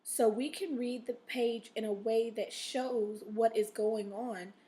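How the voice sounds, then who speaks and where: A woman teacher with a somewhat high voice records a reading lesson for young pupils. She talks patiently, stops often to check in with them, and reads passages aloud with expression to model it. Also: takes it slowly, warm tone. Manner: patient, repeats "okay?" to check in.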